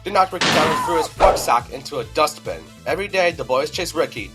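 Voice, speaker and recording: A man narrating a children's storybook in a lively, expressive read-aloud. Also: fairly high pitch, fast. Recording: music underneath.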